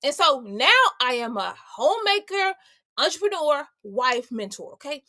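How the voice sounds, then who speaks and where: A woman's voice: high-pitched, sing-song, moderate pace, bright, forceful tone, no echo, studio quality. A woman host giving a faith-based motivational talk, emphatic and slangy, speaking straight to her listeners. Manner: emphatic, conversational and slangy, addressing listeners directly. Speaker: homemaker, entrepreneur and mother.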